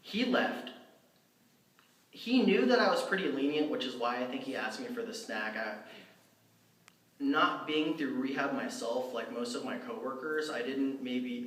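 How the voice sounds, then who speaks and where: A man speaks at a middle pitch, heard from some way off the mic. The room around him is roomy and echoing, as in a church hall. He tells his story loosely and conversationally, with fillers and restarts. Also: a little slow, fairly bright tone. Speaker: lay speaker giving a dharma talk. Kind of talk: personal storytelling talk. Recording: roomy, from far off.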